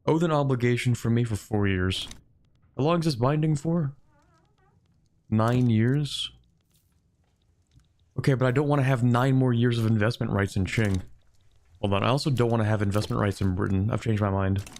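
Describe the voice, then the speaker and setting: A man streaming a strategy game live, talking to chat and bargaining aloud with computer opponents in an animated, joking way. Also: mid-range voice, moderate pace, pauses often. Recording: faint music behind.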